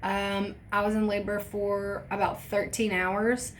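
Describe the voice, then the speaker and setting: A woman's voice: medium pitch, level tone, measured pace, a little hiss or hum. A young woman vlogger telling a personal story in casual chat, candid and swearing often. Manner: candid, swears a lot, acts out quoted voices.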